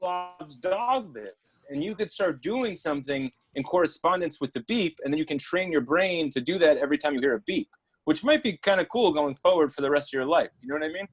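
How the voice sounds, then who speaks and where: A man co-hosting a casual comedy podcast, rambling and halting as he cracks deadpan jokes. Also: on the high side, husky, soft background music. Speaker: podcast co-host.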